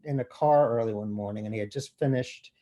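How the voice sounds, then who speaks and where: Man, author guest, animated, profane, self-deprecating, mellow warm voice. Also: lowish voice, fairly quick. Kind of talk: conversational interview. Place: bookstore event.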